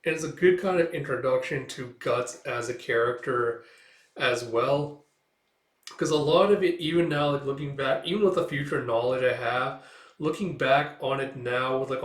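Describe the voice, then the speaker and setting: A man casually recapping a comic in a rambling way, full of fillers. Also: mid-range voice. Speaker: comic reader and reviewer. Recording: roomy echo, distant mic.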